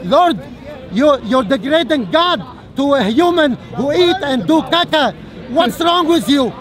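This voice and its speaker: A man arguing in an open-air religious debate in a park, halting with many fillers and restarts and firing repeated rhetorical questions. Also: very high voice, expressive. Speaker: street debater. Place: outdoor public speaking corner in a park. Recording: faint crowd chatter outdoors.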